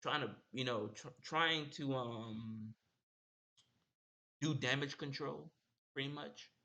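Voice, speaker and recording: A man's voice: medium pitch, slow pace, pushed and bright. A young man telling a casual story as a streamer host, rambling and repeating himself. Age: young adult.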